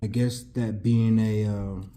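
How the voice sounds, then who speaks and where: A man's voice: lowish voice, little pitch movement, takes it slowly, mellow. A man hosting a casual interview, asking careful and hesitant follow-up questions. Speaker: podcast host.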